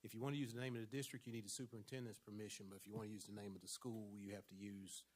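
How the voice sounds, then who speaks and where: Man, board member, lowish voice, methodical, careful reading. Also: level tone, rapid-fire. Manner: methodical, reads text aloud and parses it. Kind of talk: discussion at a board meeting.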